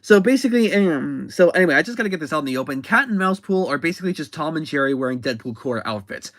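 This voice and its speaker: A man's voice: fairly high pitch, lively intonation, quick pace, a bit bright, no room sound. A man casually recapping a comic book, rambling and often correcting himself mid-sentence. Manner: rambling, self-correcting, chatty.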